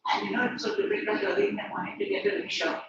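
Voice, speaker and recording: A man's voice: high voice, racing. An older man, a tutor chatting casually with students before an online class begins, telling everyday stories. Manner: chatty, anecdotal. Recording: far from the mic, echoey, dull, noisy.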